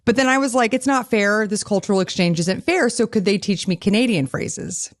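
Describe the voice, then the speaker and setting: A woman's voice: medium pitch, a little fast. A woman co-hosting a podcast in casual chat, playful and laughing often. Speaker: podcast co-host.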